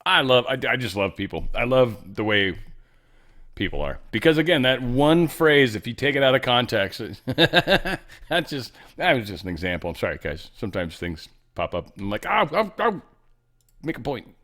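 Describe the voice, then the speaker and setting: A man hosting a news commentary show, in animated, jokey talk that swings between loud remarks and soft asides. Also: mid-range voice, moderate pace. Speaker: show host.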